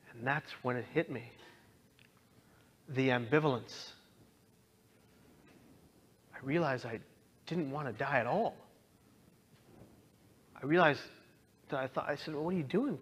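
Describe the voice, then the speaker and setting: A young man earnestly telling his own story as a talk, moving from quiet to impassioned. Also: a little high, highs cut off. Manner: earnest, swings from hushed to impassioned. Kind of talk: personal testimony talk.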